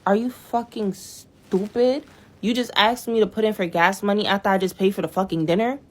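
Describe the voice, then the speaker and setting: A woman's voice: mid-range voice, quick pace. Profane, exasperated young woman telling stories. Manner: blunt, profane, exasperated storytelling. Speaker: storyteller. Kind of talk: casual storytime vlog.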